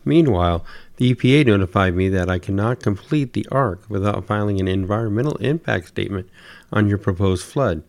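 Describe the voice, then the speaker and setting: A man's voice: fairly low pitch, brisk, darkish tone, no room sound, lightly acted. A man telling it as a weary, harried old Noah. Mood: pleading. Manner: plaintive, listing complaints at length.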